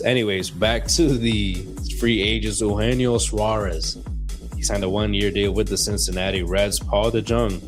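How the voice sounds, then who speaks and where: A man hosting a casual sports podcast, reading a rundown from his notes, loose and self-deprecating, stumbling on names, with frequent coughing and throat clearing. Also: lowish voice. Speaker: podcast host.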